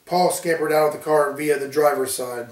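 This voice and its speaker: A man reading his own horror story aloud with a steady storytelling delivery. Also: a little high, moderate pace. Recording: roomy, distant from mic.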